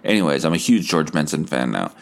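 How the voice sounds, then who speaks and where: A man's voice: extremely low pitch, big pitch swings, fast, vocal fry. A man hosting a solo podcast, rambling and swearing, often stammering and restarting. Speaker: podcast host.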